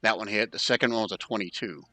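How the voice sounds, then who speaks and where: A man running an online tabletop game as dungeon master, counting moves aloud and tossing in quick asides. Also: lowish voice, bright, forceful tone, no room sound, faint music behind.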